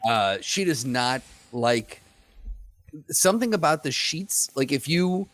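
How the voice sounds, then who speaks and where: A man's voice: mid-range voice, slow pace, dry recording. Laid-back podcast cohost guy, laughs a lot, dry close mic. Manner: relaxed, laughs easily, chimes in often. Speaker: podcast co-host. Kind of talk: casual chat.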